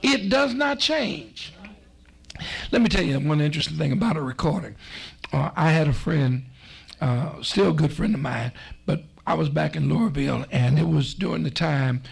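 A man preaching a sermon, slow and emphatic, with repetitions and a folksy storytelling manner. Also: fairly high pitch, lively intonation, vocal fry, breathy edge. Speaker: pastor.

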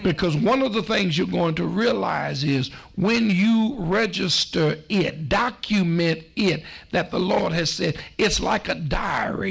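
A man preaching a sermon, slow and emphatic, with repetitions and a folksy storytelling manner. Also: sits high, creaky, fairly bright tone, slightly rough. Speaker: pastor.

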